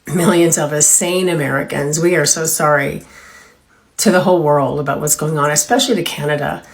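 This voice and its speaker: A woman's voice: sits low, steady tone, brisk. Apologetic woman from California. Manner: apologetic, impassioned. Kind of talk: emotional personal video.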